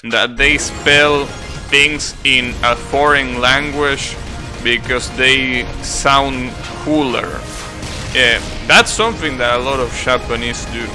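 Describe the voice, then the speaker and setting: Young male streamer, casual chat, unhurried delivery, keeps correcting himself, loud music behind. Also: mid-range voice. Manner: rambling, self-correcting, swears casually, laughs at own jokes.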